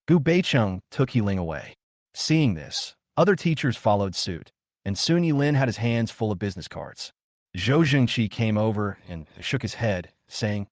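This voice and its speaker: Male story recap narrator, low pitch, animated delivery, dry close sound. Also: moderate pace, dry recording.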